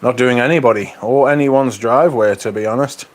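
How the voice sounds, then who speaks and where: Speaking at a medium pitch and a fairly quick pace, this Northern English livestream host keeps things casual. He works through viewers' comments, answering them with dry humor.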